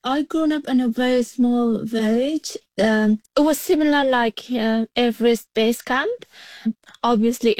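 A woman's voice: a little high, darkish tone, no room sound. A young woman from Afghanistan, an English speaker, talking earnestly about herself in a remote interview. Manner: earnest, simple non-native phrasing with some laughs.

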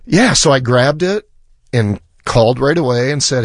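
A man's voice: mid-range voice, normal speed, no echo. Guy on a radio show telling an old story, doing everyone's lines, dead dry studio sound. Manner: animated storyteller who acts out quoted dialogue. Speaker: musician guest.

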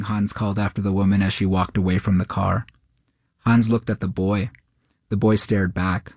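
Guy reading a short story out loud, steady, kinda low voice, dry. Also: dry recording. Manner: steady, measured narration. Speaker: narrator.

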